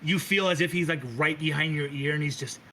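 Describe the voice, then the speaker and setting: A man's voice: fairly high pitch, brisk, a little hiss or hum, rough recording. A man narrating a tabletop role-playing game as game master, casual and profane. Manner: casual, profane, lively describing.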